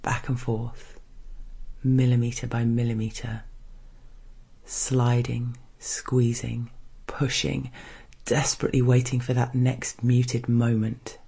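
A man reading an erotic first-person story in a hushed, measured narration. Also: mid-range voice, little pitch movement, vocal fry, slightly rough.

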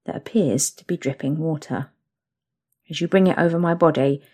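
A young woman narrating an intimate second-person story, soft and slow. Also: low voice.

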